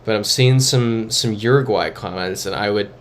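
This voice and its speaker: A young man with a voice on the low side talks at normal speed while streaming a geography guessing game. It's casual live-stream commentary: he mutters, thinks aloud and reads out chat messages.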